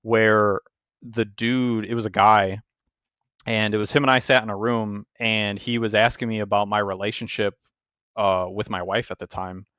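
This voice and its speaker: Profane, animated male podcast host. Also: fairly low pitch, moderate pace, smooth, no room sound, lo-fi sound. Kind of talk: casual chat.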